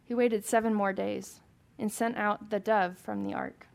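A woman's voice: medium pitch, little pitch movement, unhurried, creaky, a little mellow. A woman leading a Bible study for a small group, reading scripture aloud and chatting with questions to the room.

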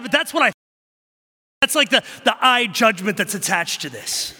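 Male pastor, sermon, animated storyteller, bright high voice. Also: normal speed, in a large hall. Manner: animated storytelling, acts out quoted dialogue.

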